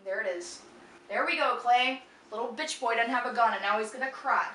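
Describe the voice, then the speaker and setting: An actress playing a domineering woman who swears and shouts orders. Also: a little high, a little fast, lightly acted. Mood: bossy. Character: foul-mouthed bossy woman barking orders. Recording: roomy sound from a distance, faint noise.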